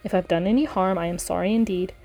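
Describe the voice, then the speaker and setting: A woman voicing a bumbling, chatty middle-aged male innkeeper who rambles apologetically and is slow to reach his point. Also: lowish voice, steady tone, dark tone. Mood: apologetic.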